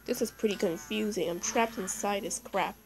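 A woman giving excitable let's play commentary, talking to the animals in her game as she plays. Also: medium pitch, normal speed, slight background noise, rough recording. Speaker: gaming YouTuber.

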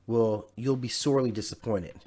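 A man's voice: mid-range voice, fairly even intonation, moderate pace, dark tone, close to an everyday voice. A man voicing a proud, hot-tempered female witch in a storybook reading, snapping and sneering her lines. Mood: irritated.

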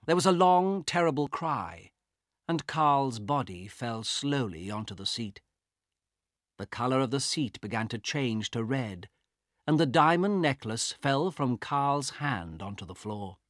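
Guy reading a learner storybook, slow and clear, lively pitch, dry close sound. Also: no echo. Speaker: audiobook narrator. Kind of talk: scripted narration of a graded reader.

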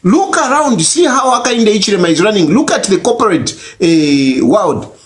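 A man's voice: high voice, very animated, normal speed. A man hosting a call-in show, giving heated political commentary and hammering his points with repeated phrases. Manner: emphatic, repeats phrases, rising outbursts.

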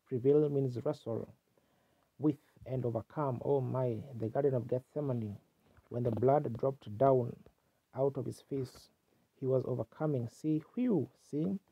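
A man delivers a fervent sermon, his voice gravelly and a little husky. The sound is dull and lo-fi, like an old archival tape, and close and dry with no room around it. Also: mid-range voice, no room sound. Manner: fervent preaching with exclamations. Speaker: preacher.

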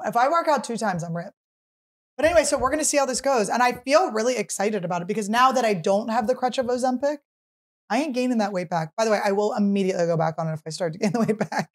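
A woman in her thirties hosting a podcast, telling a comic story in a casual, animated way and acting out what other people said. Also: fairly high pitch, quick pace. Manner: animated, acts out others' quotes, shrieks while teasing. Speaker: podcast host.

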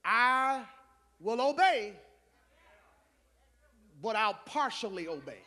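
A man preaching a sermon as pastor, moving from low conversational asides to loud shouted call-and-response. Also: lively intonation, slow pace.

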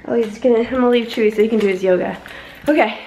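A young woman vlogging in a casual, chatty way, giggling and tossing off quick asides. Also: fairly high pitch. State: out of breath. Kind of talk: casual vlog chat. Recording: echoey room with noise.

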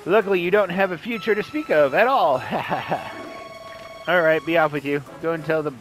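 A man's voice: fairly high pitch, moderate pace, fairly bright tone, natural voice, rough recording. A man voicing a cocky, mocking male skeleton sailor in a put-on Southern accent over game music. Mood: taunting. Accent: put-on American Southern. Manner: taunting, brash, cackling laugh.

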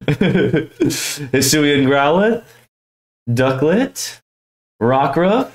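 A young man hosting a casual card-opening vlog, slangy and excitable, tossing "yo" into his talk. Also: medium pitch, normal speed, echoey room, poor audio. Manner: excitable, slangy, says "yo" a lot. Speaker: YouTube card-opening host.

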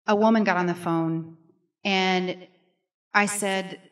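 A woman's voice: medium pitch, steady tone, slow. A middle-aged woman from Missouri giving an earnest, emphatic personal testimony as a guest speaker at a church service. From Missouri, USA. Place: church sanctuary. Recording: voice picked up from a distance.

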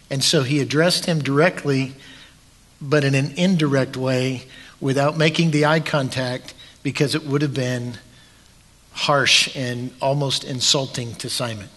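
A man pastor preaching a sermon in a church sanctuary, deliberate and emphatic, leaning on long pauses. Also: medium pitch, fairly bright tone. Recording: long church hall reverb.

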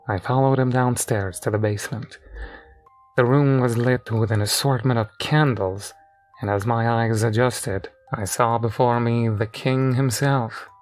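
A man reading a horror story aloud in a slow, measured, deadpan manner. His voice sits at an ordinary middle pitch with faint music underneath. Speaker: narrator. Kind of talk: scripted horror story narration.

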